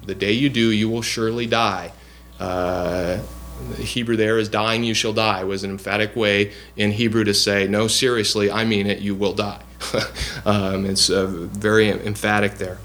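A man's voice: on the low side, fairly bright tone. A man preaching a bible lesson, explaining scripture earnestly with frequent fillers and restarts. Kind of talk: bible teaching sermon.

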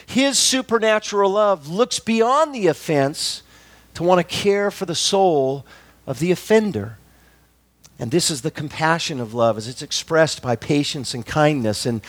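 Emphatic high-voiced male preacher, dry sound. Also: dry recording. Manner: measured, emphatic repetition, slows for key phrases. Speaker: pastor. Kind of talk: sermon.

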